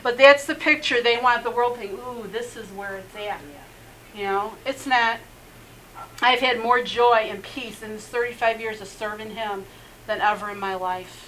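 A woman's voice: on the high side, steady tone, moderate pace, a bit bright, a little hiss or hum, low-quality recording. A middle-aged woman, a messianic rabbi, telling her personal testimony earnestly, laughing often and leaning on "you know". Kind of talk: personal testimony in a faith interview.

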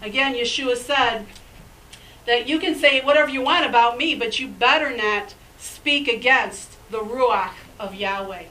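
A woman's voice: fairly high pitch, a little slow, bright, forceful tone, recorded from a distance, poor audio. A woman pastor preaching a sermon in an emphatic, conversational way, with chatty asides.

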